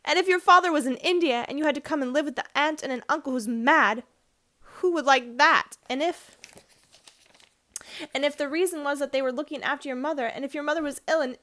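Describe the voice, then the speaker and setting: A woman's voice: fairly high pitch, animated, fairly quick, fairly bright tone. A woman reading a storybook aloud, voicing a miserable, wound-up young boy who talks in an upset, earnest way and stumbles over his words. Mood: distressed.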